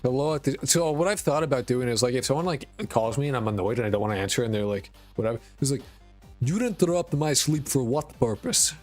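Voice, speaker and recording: A man with a blended New York, Boston and Connecticut accent rambles through casual live-stream chat, peppering it with swearing and self-deprecating asides. His voice is mid-pitched and ordinary for a man, and faint music plays quietly underneath. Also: racing, hardly any pauses. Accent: mixed New York, Boston and Connecticut. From rural Connecticut, US. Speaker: game dev streamer.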